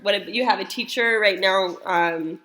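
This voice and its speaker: A woman's voice: medium pitch, normal speed, crowd noise. A woman in her thirties or forties, a mother telling a family story and then leading a church prayer in a casual, rambling way with many fillers. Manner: chatty, rambling, full of fillers and restarts.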